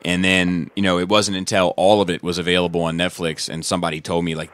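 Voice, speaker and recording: A man's voice: low-pitched, flat delivery, quick pace, hardly any pauses, a bit bright. A man hosting a podcast, talking in a hesitant casual way with lots of fillers. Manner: hesitant, many fillers and restarts. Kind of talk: casual chat.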